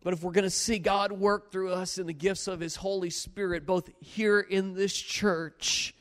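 High-voiced preacher. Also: male voice, a little slow, in a large hall. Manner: animated, swings from loud bursts to low earnest pleas. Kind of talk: sermon with storytelling.

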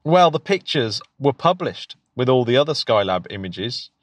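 Eager and laughing often, a British podcast co-host who also teaches keeps tripping into restarts during a casual chat. His medium-pitched voice is sing-song at a normal speed, with no room sound.

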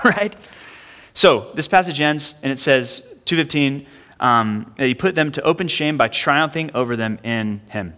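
A man in his thirties preaching a sermon as a pastor, casual and conversational, with frequent fillers and quick asides. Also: mid-range voice, expressive, pushed and bright. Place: church sanctuary. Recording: long hall reverb.

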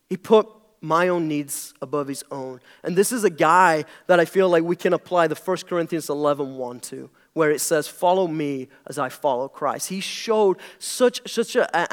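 A young British man preaching a sermon to his congregation in a chatty, joking way. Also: fairly high pitch. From Britain. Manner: conversational and jokey, leaning into his words. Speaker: pastor. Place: church hall before a congregation.

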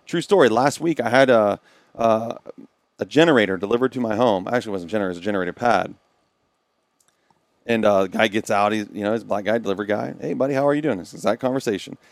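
A man's voice: lowish voice, quick pace, dry recording. A man co-hosting a podcast, speaking in casual, earnest chat and acting out the people in his stories. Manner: earnest storyteller acting out quoted dialogue. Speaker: podcast co-host.

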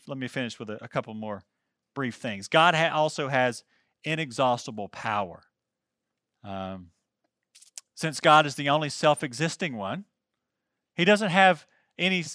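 Earnest, bright-voiced male pastor preaching. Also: on the high side, no room sound, studio quality. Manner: earnest, emphatic, addresses listeners as "man"; reads scripture aloud with interjected comments. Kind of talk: sermon.

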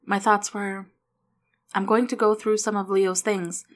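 A woman voicing a grieving widow who speaks softly and haltingly, with small restarts. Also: mid-range voice, little pitch movement, natural voice. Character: grieving widow, soft-spoken adult woman.

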